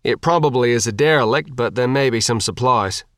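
A man voicing a calm, practical father figure. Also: medium pitch, brisk, no room sound, close to an everyday voice. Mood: reassuring. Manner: steady, dry, explanatory. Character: calm, practical middle-aged father and leader.

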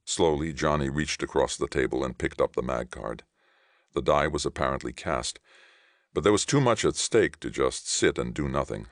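Very deep, gravelly male narrator. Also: animated, moderate pace, no room sound, studio quality. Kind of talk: scripted audiobook narration.

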